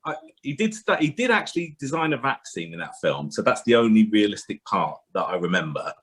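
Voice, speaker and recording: A man's voice: lowish voice, big pitch swings, brisk, a bit bright, husky. A man in his forties doing stand-up comedy, chatty and rambling, often turning to the crowd with questions. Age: 40s.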